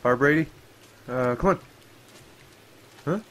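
A man giving profane, excitable running commentary while playing a game, often yelping and exclaiming. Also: mid-range voice, takes it slowly. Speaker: gameplay streamer. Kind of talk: let's play commentary.

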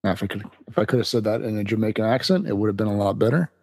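A man's voice: fairly low pitch, expressive, rapid-fire, darkish tone, slightly rough, dry recording. A man co-hosting a podcast in casual chat, dry and jokey, often mock-complaining. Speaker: podcast co-host.

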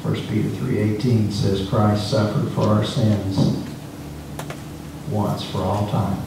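Preacher's voice echoing from afar. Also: male voice, on the low side, flat delivery, takes it slowly, gravelly, background noise. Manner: emphatic, repeats words when speeding up. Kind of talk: sermon. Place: church sanctuary. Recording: echoey church from far off.

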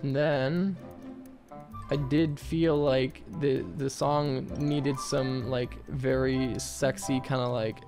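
A man's voice: mid-range voice, fairly even intonation, takes it slowly. Jokey man narrating over music. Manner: jokey, swearing, laughs at himself. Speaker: music-making vlogger. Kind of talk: casual vlog narration. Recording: music playing underneath.

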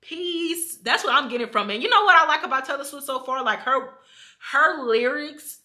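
A young woman making a reaction video, chatting casually and excitably to her viewers and rambling with lots of fillers. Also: high voice, normal speed. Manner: addresses viewers directly. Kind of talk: casual chat.

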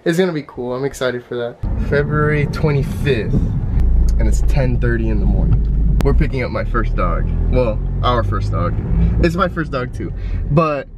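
A man vlogging casually, excited and gushing as he picks up his first puppy. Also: mid-range voice, normal speed. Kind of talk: casual vlog chat. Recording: loud background noise.

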